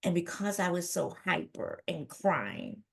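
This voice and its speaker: Gravelly woman telling a personal story. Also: fairly low pitch, measured pace. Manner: animated, acts out dialogue. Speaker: keynote speaker.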